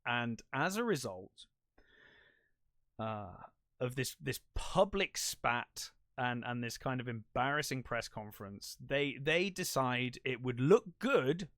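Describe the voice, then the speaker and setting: A man talks through a movie plot alone on his podcast in an easy, meandering way. He swears often and mocks himself now and then. His voice sits at an ordinary male pitch, and the recording is dry and close. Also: lively intonation, slow, fairly bright tone, dry recording. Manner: rambling, profane and self-deprecating. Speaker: podcast host. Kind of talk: casual solo movie review. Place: lives in the United Kingdom.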